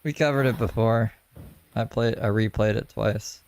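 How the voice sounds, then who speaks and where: A man with a fairly low voice comments on a stream he is watching. His remarks come out laid-back and offhand, like easy reaction chatter. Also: normal speed, creaky, background noise.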